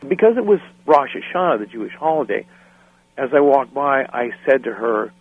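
A middle-aged American man, a musician and guest, telling lively anecdotes and acting out the people in them, often laughing. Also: mid-range voice, normal speed, slightly rough. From United States. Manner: animated anecdotes, acts out quoted voices. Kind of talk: storytelling interview. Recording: dry phone-line sound.

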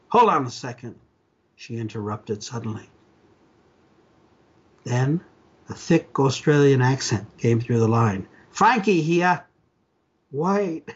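An older man from Canada reads his own stories in an animated way, giving the characters their lines. His voice is husky and breathy at mid pitch. The recording sounds dull and muffled. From Ontario, Canada. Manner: animated storyteller, acts out dialogue. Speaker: author reading his stories. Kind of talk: reading aloud, storytelling.

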